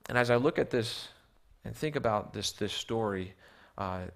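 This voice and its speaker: A man's voice: lowish voice, moderate pace, vocal fry. A man preaching a sermon in a church with slides. He often repeats words as he restarts and asks the audience rhetorical questions. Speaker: missionary preacher.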